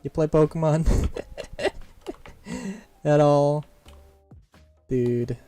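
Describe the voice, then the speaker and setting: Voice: medium pitch, very animated, extremely slow, warm tone. A streamer and voice actor chatting casually during a live game stream, rambling, often restarting sentences and laughing. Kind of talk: casual live-stream chat while playing. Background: faint game music and keyboard typing.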